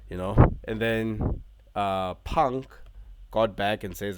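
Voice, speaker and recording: Low voiced dude reviewing wrestling, hyped, lots of "you know", dry sound. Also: male voice, measured pace, no room sound. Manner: excited, swears, heavy filler words. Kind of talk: casual unscripted review.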